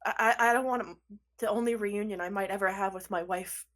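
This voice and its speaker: A woman's voice: mid-range voice, fairly even intonation, fairly bright tone, close to an everyday voice. A woman voicing an emotional, overjoyed woman reunited with an old friend, stammering and tearful. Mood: excited, flustered. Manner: stammering and tearful, talking fast.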